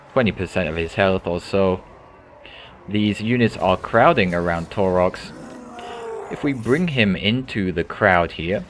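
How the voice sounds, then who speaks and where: A deep-voiced man narrates a strategy game for beginners. He explains each move in a calm, thinking-aloud way, often repeating a word before going on. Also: a little hiss or hum. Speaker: gaming tutorial host. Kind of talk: gameplay commentary.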